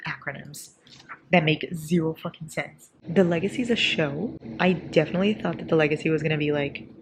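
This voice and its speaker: Low-voiced, sleep-deprived woman vlogger. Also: fairly quick. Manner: chatty, profane, often laughing. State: sleep-deprived, a little delirious. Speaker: book vlogger. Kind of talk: casual reading-reaction vlog. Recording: audible background noise.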